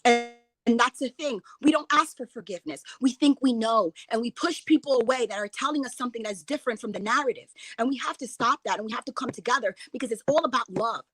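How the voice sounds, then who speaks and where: A woman's voice: a little high, quick pace, fairly bright tone, slightly rough, dry recording, faint music behind. A woman giving an impassioned, emotional talk as a guest speaker, rambling and restarting her sentences as she goes.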